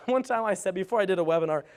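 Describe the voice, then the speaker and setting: A man speaking to a live audience about presenting on video, energetic and joking, with a self-deprecating humor. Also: sits high, fast talker, clean tone. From grew up on a farm. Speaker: speaker on webinar marketing.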